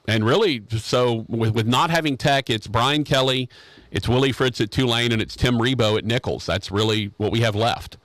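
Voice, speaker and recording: A male sports radio host, talking in a loose, joking, rambling way and often repeating himself. His voice sits at an ordinary pitch, and the studio sound is close and dry. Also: moderate pace, fairly bright tone, no room sound. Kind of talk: casual radio show chat.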